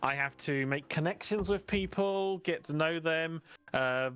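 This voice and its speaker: A British man as guest on an online interview, relaxed and playful, rambling with restarts. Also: fairly high pitch, a little slow, soft background music. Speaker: guest VTuber. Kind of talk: casual interview chat.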